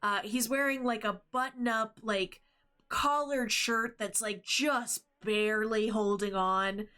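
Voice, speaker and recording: A woman's voice: on the high side, steady tone, takes it slowly, pushed and bright, clear, resonant tone. A woman running a tabletop game as game master, narrating in a rambling, hesitant way with many fillers. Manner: rambling, hesitant, laughs often.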